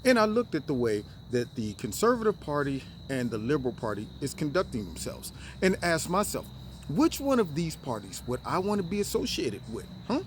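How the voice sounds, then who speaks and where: Animated man delivering solo commentary. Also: fairly quick, slight background noise. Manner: animated, mimics others in high voices. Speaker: political commentary host.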